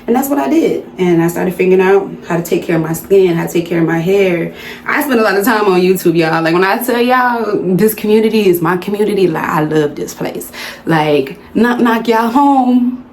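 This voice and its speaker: A woman's voice: on the low side, brisk, darkish tone, slight background noise. Chatty woman vlogging in a roomy space. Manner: chatty, playful, talks straight to viewers. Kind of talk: casual chit-chat vlog. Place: indoors under hot lights. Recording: roomy indoor sound with faint music.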